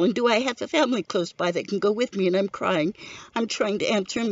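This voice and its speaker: A woman's voice: mid-range voice, brisk, slight background noise. A middle-aged widow telling her story in an earnest, grieving personal testimony. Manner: grieving, earnest, steady recounting. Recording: dull lo-fi recording.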